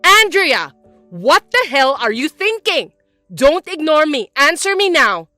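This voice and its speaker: A woman voicing a scheming, self-pitying older mother-in-law who talks in a shrill, accusing whine. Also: animated, normal speed, a bit bright, no room sound, soft background music. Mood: scolding. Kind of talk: dubbed drama acting.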